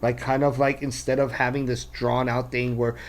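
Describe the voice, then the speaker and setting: A man's voice: medium pitch, little pitch movement, normal speed. A man co-hosting a wrestling podcast, giving opinions in casual chat with lots of "like" fillers. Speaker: podcast co-host.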